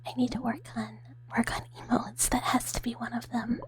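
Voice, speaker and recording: A woman streamer doing a whispered role-play, chatting softly with viewers in a breathy whisper and giggling often. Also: a little high, level tone, moderate pace. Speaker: ASMR streamer.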